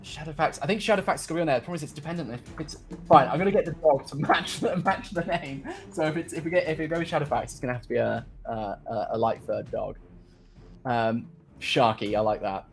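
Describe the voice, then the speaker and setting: A man's voice: on the high side, fast, vocal fry, faint music behind. A man co-hosting a casual livestream, chatty and laughing often, with stammered restarts.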